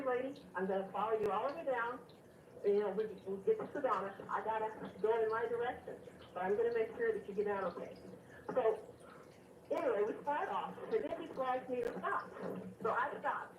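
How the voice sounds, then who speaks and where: A woman caller recounting a story in a rambling, animated way, stopping and restarting with plenty of fillers. Her voice sits fairly high. It comes through an echoey line from some distance, with a faint hiss behind it. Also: lo-fi sound. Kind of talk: phone-in storytelling.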